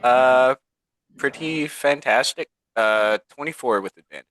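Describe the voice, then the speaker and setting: Stammering bright-voiced man at a game table. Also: medium pitch, unhurried, soft background music, low-quality recording. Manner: stammering, flustered. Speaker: player. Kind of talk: tabletop role-play.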